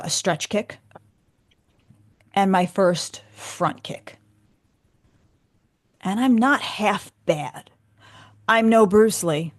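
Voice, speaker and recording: A woman author, a guest on a radio show, telling a personal story casually and acting out the dialogue as she goes. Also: lowish voice. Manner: animated, acts out dialogue. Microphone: studio microphone.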